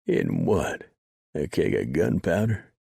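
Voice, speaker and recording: A man's voice: extremely low pitch, wildly swooping pitch, slow pace, creaky, dark tone, breathy edge, no echo, studio quality, voice pushed up, exaggerated voice. A man voicing a spiteful, wounded outlaw who sneers and pleads in a raised, whiny voice. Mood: sneering.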